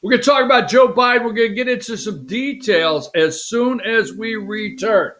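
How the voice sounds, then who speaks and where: A man's voice: high-pitched, normal speed, a bit bright. A man hosting a political talk show, rambling and mocking in an off-the-cuff way. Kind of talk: casual political commentary.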